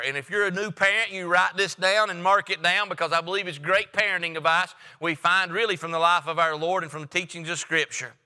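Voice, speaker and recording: A man preaching a sermon as a pastor, emphatic and repetitive, sometimes dropping to a hushed tone for stress. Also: sits high. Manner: emphatic preaching with repeated phrases, drops to a hush for stress. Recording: long reverb of a church hall.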